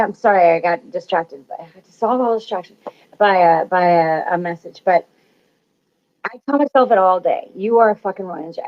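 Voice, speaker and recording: A woman hosting a spiritual talk, speaking emphatically and repeating herself, swearing freely as she encourages listeners. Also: medium pitch. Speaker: spiritual channel host. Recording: dull lo-fi audio.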